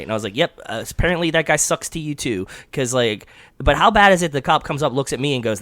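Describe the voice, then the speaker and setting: A man's voice: medium pitch, quick pace, no echo, studio quality. A man co-hosting a podcast, telling an angry story in casual chat, swearing and acting out the people in it. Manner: profane, animated storytelling with voiced quotes. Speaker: podcast co-host.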